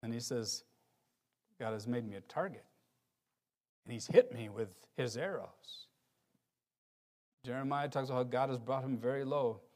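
A man preaching a sermon, reading scripture aloud and swinging between loud emphasis and quiet, low passages. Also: moderate pace, long pauses. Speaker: pastor.

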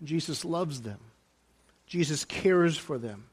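Fairly high-voiced male preacher, hushed to emphatic. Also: lively intonation, slow pace, breathy edge. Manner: shifts between hushed, soft lines and raised, emphatic ones; repeats key phrases for emphasis. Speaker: pastor. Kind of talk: sermon.

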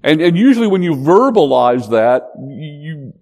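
A man preaching a sermon in an animated, emphatic way. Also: on the high side, a little slow, creaky. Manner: animated, emphatic, acts out quotes.

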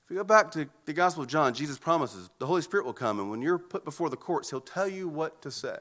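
An earnest male pastor preaching from the pulpit, his voice high-pitched and bright with a tense edge. He often stumbles and repeats words as he presses his points. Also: expressive, quick pace. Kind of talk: sermon.

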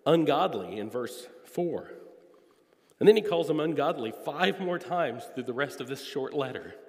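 A man's voice: medium pitch, a little mellow. A male preacher delivering an earnest expository sermon, drawing out key words for emphasis. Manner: earnest, emphatic, drawn-out stresses. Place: church sanctuary. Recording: long echo of a church hall.

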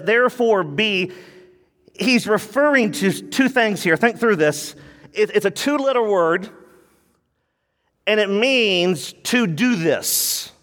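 A man's voice: sits high, fairly bright tone, in a large hall. A male pastor preaching a sermon in an emphatic, conversational way, often repeating himself as he works through a passage.

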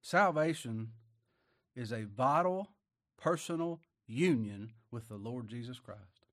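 A man preaching a sermon, swinging from quiet asides to loud emphatic bursts, with folksy talk and chuckles. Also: medium pitch, lively intonation, slow, no echo, studio quality.

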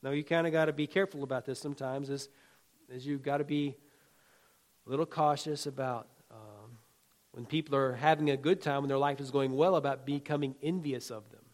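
A man's voice: mid-range voice, fairly even intonation, brisk. A man preaching a sermon as a pastor, talking in a folksy, conversational way with humor and asides, and building emphatic, rhythmic exhortations.

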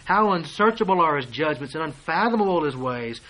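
Higher-voiced man preaching with rising emphasis. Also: animated, brisk, poor audio. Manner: swings between hushed asides and loud emphatic declarations; reads and explains scripture verse by verse. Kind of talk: sermon.

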